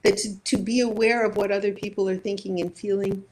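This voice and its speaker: A woman's voice: mid-range voice, steady tone, a little fast, darkish tone, a little hiss or hum, low-quality recording. A woman psychologist being interviewed, building her points thoughtfully through examples and rhetorical questions. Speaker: psychologist guest. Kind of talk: reflective interview conversation.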